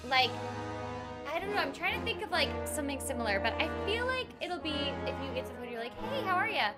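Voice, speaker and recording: Bubbly, high-voiced woman streamer. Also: sing-song, fast talker. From United States. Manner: bubbly, giggly, chatty. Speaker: voice actress streaming a game. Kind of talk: casual gaming stream chat. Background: game music.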